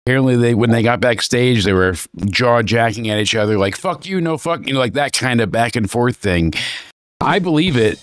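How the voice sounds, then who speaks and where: A man's voice: medium pitch, fairly quick, dry recording, clean studio sound. A man hosting a casual livestream hangout, bantering with friends in a loose, profane way. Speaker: stream host. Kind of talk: casual chat.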